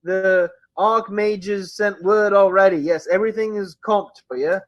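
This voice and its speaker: A man's voice: sits high, fairly even intonation, a little slow, no echo, highs cut off, voice pushed up. Man doing a cheerful tavern barkeep. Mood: welcoming. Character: simple friendly male tavern barkeep.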